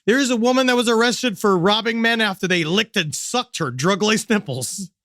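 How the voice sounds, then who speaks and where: A man co-hosting a casual comedy podcast, riffing excitably and joking as he reads stories aloud. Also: high voice, normal speed, no room sound, clean studio sound. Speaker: podcast co-host.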